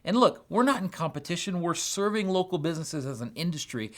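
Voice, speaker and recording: An enthusiastic man hosts his own business podcast, speaking straight to his listeners in a casual, upbeat way. His voice sits high for a man, and he slips into lively little voices when he acts out conversations. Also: fairly quick. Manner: acts out quoted dialogue in animated voices. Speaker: podcast host. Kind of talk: solo business podcast talk.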